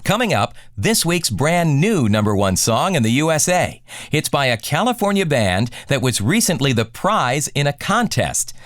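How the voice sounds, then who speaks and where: A man hosting a radio countdown show, reading scripted song intros in a smooth announcer delivery. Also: fairly high pitch, sing-song, moderate pace, a bit bright, no echo, studio quality.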